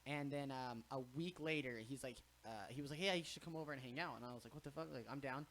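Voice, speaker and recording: A man's voice: medium pitch, fast, slight background noise. A young man hosting a podcast, telling stories in a casual chat, swearing freely and acting out what people said. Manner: animated storyteller, swears freely, acts out quotes. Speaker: podcast host.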